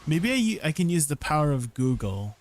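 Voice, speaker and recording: A man's voice: fairly high pitch, sing-song, moderate pace, a little hiss or hum. A man chatting casually while streaming a game, laughing often and trying out foreign words. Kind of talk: casual game livestream chat.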